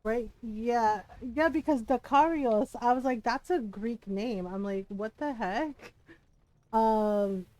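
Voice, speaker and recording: Animated, gushing woman game streamer. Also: on the high side, slow pace, low-quality recording. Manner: animated, gushing, laughs often, swears casually. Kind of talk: casual chat while streaming a game.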